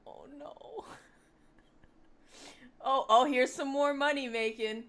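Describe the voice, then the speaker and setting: Woman, online commentator, casual and mocking, unhurried delivery. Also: high voice, fairly bright tone. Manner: sarcastic and mocking, laughs often. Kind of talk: casual commentary reacting to posts.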